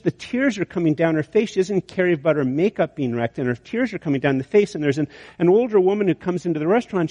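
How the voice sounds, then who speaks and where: A man preaching, his voice sitting slightly high for a man. He tells a sermon story with lively restarts and repeated words. Long reverb trails after him, as in a big hall. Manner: storytelling, animated with many restarts. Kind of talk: sermon illustration.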